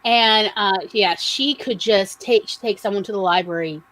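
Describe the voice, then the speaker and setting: A woman's voice: medium pitch, measured pace, fairly bright tone, poor audio. Chatty Southern American woman. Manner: chatty, laughing, reads comments aloud with asides. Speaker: podcast co-host. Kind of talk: casual livestream chat reading audience comments.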